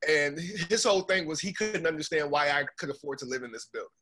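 Bright husky man telling stories. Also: on the high side, quick pace. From United States. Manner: animated storyteller, acts out quotes. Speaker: podcast guest. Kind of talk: casual chat.

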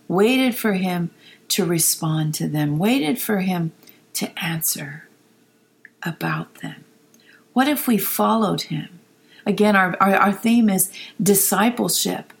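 A woman giving a devotional Bible teaching, reading psalm verses in a soft, reflective way and sometimes dropping to a whisper. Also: mid-range voice, gravelly, poor audio. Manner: soft, reflective, drops to a whisper on key phrases.

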